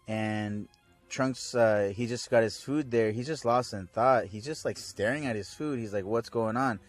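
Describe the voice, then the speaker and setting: A man's voice: mid-range voice, moderate pace, soft background music. A young man casually recapping a cartoon episode, rambling and laid-back, full of fillers. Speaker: fan video reviewer.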